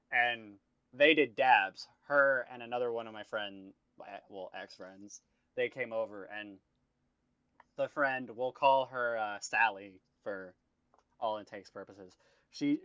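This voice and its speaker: This rambling storyteller swears freely and leans on "like" throughout the casual chat. The mid-range voice has a fairly bright tone, though the lo-fi mic sounds dull and dry.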